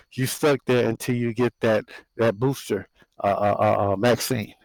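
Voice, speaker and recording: A man preaches outside on his porch, stumbling over strings of repeated words before pressing on with his warnings. His voice sits at a middle pitch. The sound is close and dry, with no room around it. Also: steady tone, no room sound, rough recording. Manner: halting, many repeated fillers and restarts. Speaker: religious video host. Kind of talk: casual street sermon. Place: outdoors on a house porch.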